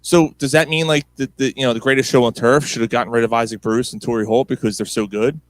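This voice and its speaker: Animated man in casual sports banter. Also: mid-range voice, quick pace. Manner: animated, laughs often, drops into impressions. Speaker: podcast co-host.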